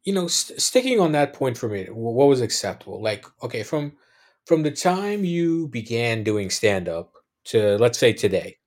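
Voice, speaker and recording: A man's voice: mid-range voice, big pitch swings, moderate pace, darkish tone. A man hosting a podcast interview, asking loose, rambling questions full of fillers.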